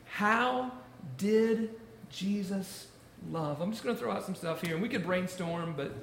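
A man preaching a sermon, stressing key phrases by repeating them slowly. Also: high-pitched, a bit bright. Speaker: pastor. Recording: echoey room with faint noise.

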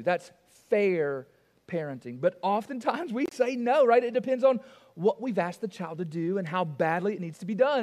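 A man's voice: high-pitched, sing-song, moderate pace, darkish tone, in a large hall. A male pastor preaching a sermon. He is emphatic, repeats key phrases and asks the congregation rhetorical questions.

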